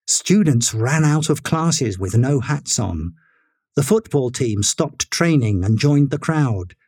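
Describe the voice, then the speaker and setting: A male storyteller reading a story aloud at a slow, measured pace. His pitch moves expressively while his delivery stays steady. The sound is dry and close, with no room echo. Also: breathy edge. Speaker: narrator. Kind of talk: scripted storybook narration.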